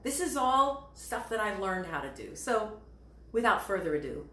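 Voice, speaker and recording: Lively self-mocking cabaret woman. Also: medium pitch, moderate pace. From Shadyside, Ohio, USA. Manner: chatty, self-mocking storytelling. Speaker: cabaret singer. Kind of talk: cabaret patter. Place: home room. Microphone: camera set above her. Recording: roomy home room with faint music.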